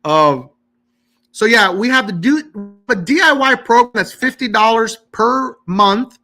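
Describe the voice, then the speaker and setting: A man's voice: very high-pitched, expressive, a little slow, pushed and bright, soft background music. A man hosting a live-stream Q&A on credit repair, talking emphatically and often checking in with "okay?".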